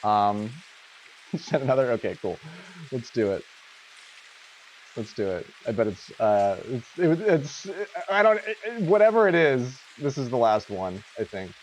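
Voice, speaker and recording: A man's voice: mid-range voice, sing-song, moderate pace, dull audio, slight background noise. A man hosting a casual livestream who laughs often and swears freely. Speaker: livestream host.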